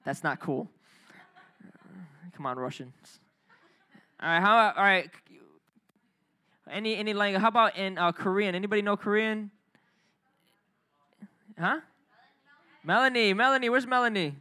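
A man preaching as youth director, energetic and calling on the crowd to repeat phrases. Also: high-pitched, a little slow, pauses often. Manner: energetic, calls for crowd responses. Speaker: youth pastor. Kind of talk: youth sermon. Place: church youth service.

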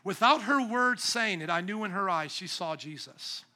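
Male pastor, 40s, sermon delivery; high, very bright voice, shifts between hushed moments and loud emphatic peaks, acts out quoted voices. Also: lively intonation, normal speed. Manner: swings from hushed intimacy to loud, shouting emphasis.

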